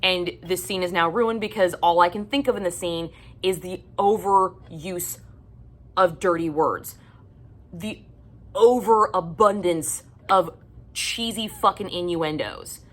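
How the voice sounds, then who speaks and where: A fed-up woman vents to her viewers in a casual, cursing rant about romance novels. Her voice sits a little low, and she talks bluntly and with exasperation, sometimes dropping almost to a hush. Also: measured pace. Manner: blunt, profane, exasperated ranting. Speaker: book vlogger. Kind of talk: casual ranting monologue.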